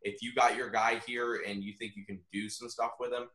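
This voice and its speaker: A man chatting casually on a sports podcast, rambling with halting restarts. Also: mid-range voice, little pitch movement, pushed and bright, reverberant. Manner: rambling, halting, with many fillers. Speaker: podcast co-host.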